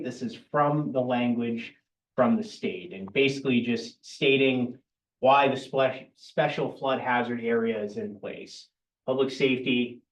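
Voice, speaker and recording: Man explaining rules in an echoey meeting room. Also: medium pitch. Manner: plain, matter-of-fact, with dry asides. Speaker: town planning staff presenting at a board meeting. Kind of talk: explaining regulations at a public meeting. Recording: roomy, distant public-meeting recording.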